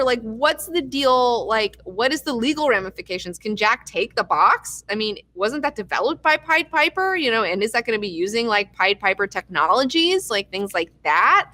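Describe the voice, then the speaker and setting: Bright-voiced excitable young woman recapping. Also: a little high, normal speed. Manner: profane, excitable, acts out characters' lines. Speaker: TV recap host. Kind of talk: casual episode recap.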